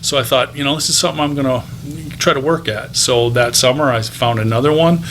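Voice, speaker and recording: This is a man in his fifties guesting on an interview show, recounting how he moved from teaching into voice and on-camera acting. His voice is bright and forward. He rambles in a friendly, anecdotal way, with plenty of fillers and restarts. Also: mid-range voice, a little fast, slight background noise. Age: 50s. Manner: chatty anecdotal telling with frequent ums and restarts. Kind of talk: casual interview storytelling.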